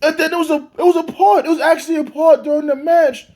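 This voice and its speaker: Man, high-pitched voice, profane wrestling rant, exasperated, animated. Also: fast. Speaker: wrestling reviewer. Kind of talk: profane ranting review.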